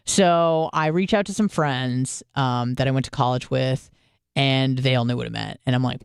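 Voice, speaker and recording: Young woman radio host, casual monologue, frank and foul-mouthed, smooth clear voice, dry close sound. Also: low-pitched, animated, moderate pace, dry recording. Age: 20s. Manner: candid, profane, self-deprecating storytelling.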